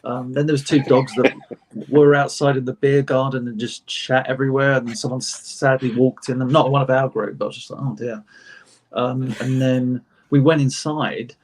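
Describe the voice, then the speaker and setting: A young British man on a chat panel, telling lively anecdotes and acting out the people in them. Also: medium pitch, normal speed. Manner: animated anecdotes, acting out quotes, self-laughing. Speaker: panel co-host. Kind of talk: casual storytelling chat.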